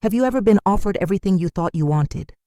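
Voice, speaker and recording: Narrator as an earnest young woman founder, sincere, lively and warm. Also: mid-range voice, fast talker, dry recording, studio quality, pitched above the performer's own voice, lightly acted.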